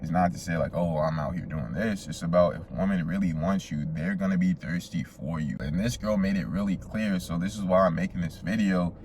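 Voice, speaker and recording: A man's voice: deep voice, brisk, few pauses, darkish tone, a little hiss or hum. A young man casually telling a profane, slangy story straight to his viewers as a vlogger.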